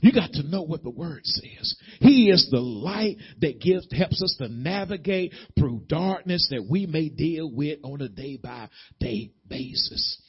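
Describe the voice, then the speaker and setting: A male pastor delivers a sermon in a husky, fairly high voice that leaps and falls with lively range. He drives repeated phrases upward, then sinks to hushed asides. The recording is muffled and lo-fi. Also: a little slow, few pauses. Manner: preaching with rising emphatic repetition, dropping to low intimate asides.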